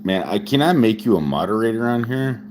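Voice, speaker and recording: A man in his forties talks casually to his live-stream viewers in a very low voice that swings widely up and down. He rambles, stumbles over repeated words and laughs often, loosened up by whiskey. A faint hum of noise sits behind him. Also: lively intonation, fairly quick. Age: 40s. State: drinking whiskey while talking.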